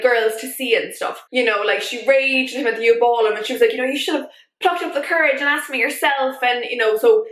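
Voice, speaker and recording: Chatty, animated woman in an echoey room. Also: high voice. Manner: chatty, animated, many fillers like "like". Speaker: YouTube vlogger. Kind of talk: casual opinion vlog.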